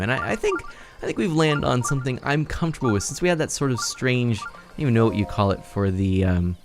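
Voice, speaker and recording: A young man streaming a game live, casual and chatty, reading chat and laughing often. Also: lowish voice.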